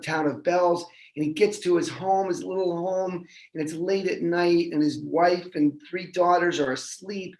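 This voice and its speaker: A man telling a folk tale at a synagogue service in a relaxed, halting way, recorded in an echoey room. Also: on the high side, gravelly. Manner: relaxed, halting, many restarts.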